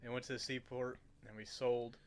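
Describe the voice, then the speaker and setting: A man's voice: mid-range voice, fairly quick. A man hosting a podcast, telling a gaming story in casual chat and often laughing through it. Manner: animated, laughing through his own story. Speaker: podcast host.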